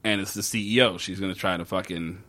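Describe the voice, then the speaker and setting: A man co-hosting a casual podcast, retelling a TV episode with lively storytelling and swearing. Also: deep voice, fast. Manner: animated storytelling, quoting characters in shifting voices, swearing. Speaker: podcast co-host recapping a TV episode. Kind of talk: casual chat.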